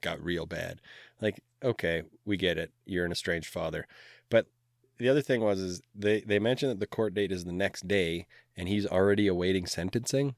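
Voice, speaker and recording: Deep-voiced laid-back man recapping a movie. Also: normal speed, gravelly, no echo, studio quality. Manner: laid-back, laughs often, trails off. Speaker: podcast co-host. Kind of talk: casual movie recap chat.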